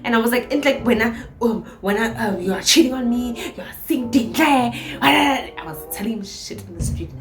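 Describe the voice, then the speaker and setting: A young South African woman vlogging a storytime in an animated, dramatic way, with plenty of swearing. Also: on the high side, normal speed, hardly any pauses, roomy sound, over music. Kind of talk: storytime vlog.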